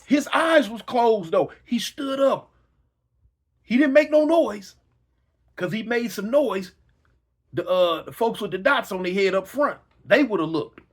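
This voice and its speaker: A man telling a personal story dramatically, acting out yells and reactions. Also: sits high, animated, unhurried. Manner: dramatic, acts out yells and voices, slangy.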